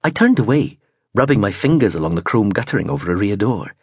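A man reads a novel aloud in the first person, his husky voice swinging widely in pitch as he tells the story. The read is close and dry, with no room around it. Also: fast talker, no room sound. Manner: expressive storytelling with voiced character turns. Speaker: audiobook narrator. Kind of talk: first-person audiobook narration.

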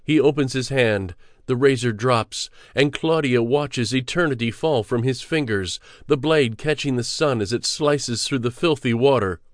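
Male audiobook narrator, measured and steady, mid pitch, dry studio sound. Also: dry recording. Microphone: close studio mic.

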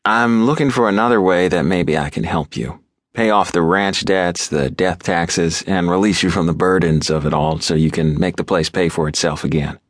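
A man's voice: low-pitched, normal speed, no room sound, clean studio sound. A man voicing a nervous, earnest young city businessman. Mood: reassuring. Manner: earnest, hesitant.

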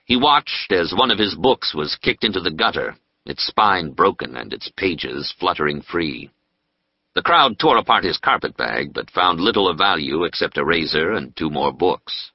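A man narrating a historical novel in a measured storytelling voice. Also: sits low, expressive, husky, no room sound. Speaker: audiobook narrator. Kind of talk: scripted narration. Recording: slightly muffled dry studio audio.

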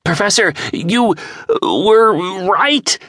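A male narrator voicing an excited scientist who is breathless and stumbles over his words. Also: fairly low pitch, a little slow, dry recording, clean studio sound, pitched above the performer's own voice. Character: frantic male scientist, a stiff deputy.

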